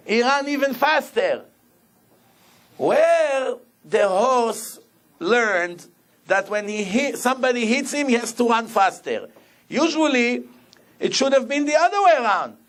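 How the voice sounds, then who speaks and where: A rabbi preaching a sermon, telling stories in an animated way and repeating phrases for emphasis. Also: male voice, very high voice, unhurried. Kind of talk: sermon with storytelling.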